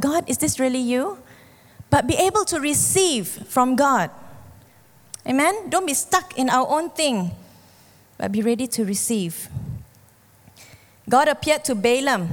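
A woman preaching a sermon, telling stories and acting out the characters with lively shifts of voice. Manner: animated storytelling, acts out characters with shifting pitch. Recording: long hall reverb.

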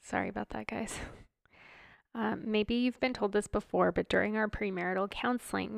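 A woman's voice: mid-range voice, steady tone, normal speed, gravelly, no room sound, clean studio sound. A young woman co-hosting a podcast with her husband, chatty and stuffed up, running out of breath as she talks. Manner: chatty, laughs often, runs out of breath. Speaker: podcast co-host. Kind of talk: casual chat. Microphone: close studio mic.

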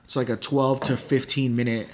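A young man co-hosting a podcast, talking in a relaxed, joking way and laughing often. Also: medium pitch, normal speed. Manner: laid-back, joking, laughs while talking. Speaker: podcast co-host. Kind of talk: casual chat.

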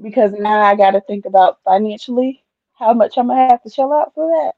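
A woman's voice: mid-range voice, fairly even intonation, a little fast, dry recording, narrow, tinny audio. A woman co-hosting a casual podcast chat, chatty and playful, laughing often. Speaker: podcast co-host.

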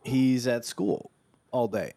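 A man's voice: mid-range voice, takes it slowly, warm tone, soft background music. A man co-hosting a podcast, speaking in a reflective, hesitant way with many restarts. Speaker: podcast co-host. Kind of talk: casual chat.

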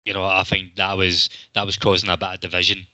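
A man's voice: low voice, monotone, fast, bright, forceful tone, dry recording. A man hosting a casual football podcast, chatty and jokey, swearing freely. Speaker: podcast host.

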